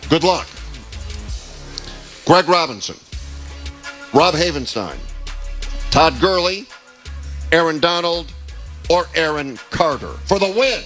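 Playful, animated male quiz host. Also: fairly high pitch, slow, long pauses, faint music behind, low-quality recording. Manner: playful, teasing, laughs often. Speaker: radio host running a trivia game. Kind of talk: live quiz hosting. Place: live event at a restaurant.

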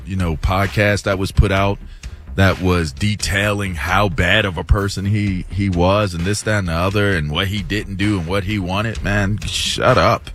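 A man's voice: low-pitched, fairly bright tone. A man co-hosting a sports talk show, talking bluntly in slangy, heated casual chat.

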